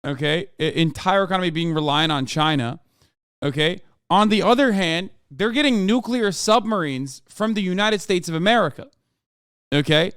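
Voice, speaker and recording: A man's voice: high voice, moderate pace, fairly bright tone, smooth, no echo, studio quality. A man in his thirties ranting loosely and profanely as he reacts to the news on his livestream. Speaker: streamer. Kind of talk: casual livestream commentary.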